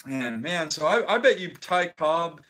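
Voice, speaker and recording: A man's voice: fairly high pitch, animated, unhurried, fairly bright tone. A middle-aged man talks casually on a live stream, wandering from thought to thought. He restarts often and lets his sentences fade out before he finishes them. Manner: rambling, chatty, trails off mid-sentence. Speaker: co-host of a live card-collecting stream.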